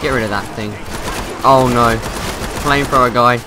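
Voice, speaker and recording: Excitable man over game gunfire. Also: mid-range voice, moderate pace, pauses often. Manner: excitable, yelling in panic during fights. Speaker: gaming YouTuber. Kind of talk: gameplay commentary. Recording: gunfire noise behind voice. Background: game gunfire and effects.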